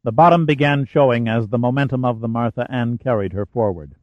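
A man narrating an audiobook in a steady, measured way. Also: mid-range voice, no room sound, muffled recording. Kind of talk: scripted narration.

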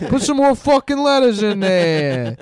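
A man's voice: high-pitched, big pitch swings, unhurried, pitched above the performer's own voice. A man voicing a brash, swearing man abroad. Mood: gleeful. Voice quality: loud, crude, exclamatory.

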